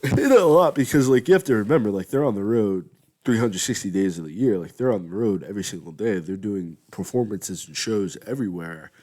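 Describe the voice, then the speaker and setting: A man's voice: on the low side, lively intonation, fairly quick, mellow. A young man hosting a casual wrestling commentary show, rambling and conversational, yawning now and then. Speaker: wrestling podcast host.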